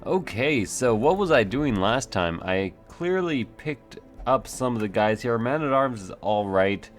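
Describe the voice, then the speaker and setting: A man's voice: mid-range voice, lively intonation, measured pace, faint music behind. A man hosting a let's play, thinking aloud in a rambling, self-mocking way with many fillers. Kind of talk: casual gameplay commentary.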